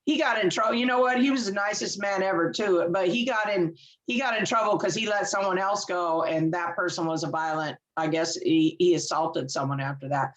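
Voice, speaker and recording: A woman, a guest telling her story in casual chat, animated and laughing often as she acts out quoted voices. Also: fairly low pitch, fairly quick, hardly any pauses, rough recording. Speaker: interview guest.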